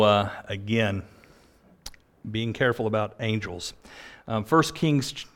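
A man delivers a sermon as though telling a story to friends, with a voice that sits in an ordinary middle register. He keeps his delivery loose and conversational and often laughs as he goes. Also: medium pitch. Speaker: preacher.

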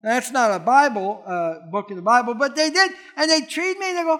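High, lively preacher man. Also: fairly quick, hardly any pauses. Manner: animated, punchy storytelling with emphatic repetition. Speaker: pastor. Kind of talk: sermon.

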